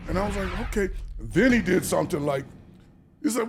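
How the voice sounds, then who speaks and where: A man from Arkansas telling an animated life story as a podcast guest, acting out the people he quotes and swearing freely. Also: high voice, fairly quick, gravelly, breathy edge. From Arkansas, USA.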